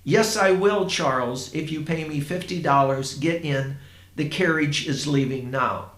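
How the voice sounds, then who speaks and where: A man voicing a calm, commanding angel woman who drives a white carriage, speaking firmly and matter-of-factly. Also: low-pitched, unhurried, pitched below the performer's own voice. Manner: firm, matter-of-fact commands. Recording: roomy echo.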